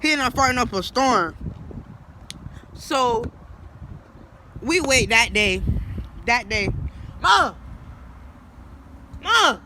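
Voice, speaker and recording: Man, casual storytelling, slangy, rambling, bright edgy voice. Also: very high voice, takes it slowly, long pauses, slight background noise, low-quality recording. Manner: slangy, rambling, animated retelling with acted quotes.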